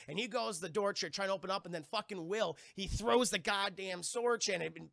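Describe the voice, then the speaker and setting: A man streaming, casually retelling a film to chat in an animated, profane, rambling manner, in a dry close-mic room. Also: high-pitched, a little fast, creaky, few pauses, no echo.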